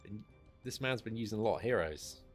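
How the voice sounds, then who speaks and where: A man's voice: on the low side, lively intonation, fairly quick, soft background music. A man casually commenting on a game he is playing live, chatty and self-deprecating. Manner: chatty, self-deprecating, says mate and dude a lot. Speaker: game streamer.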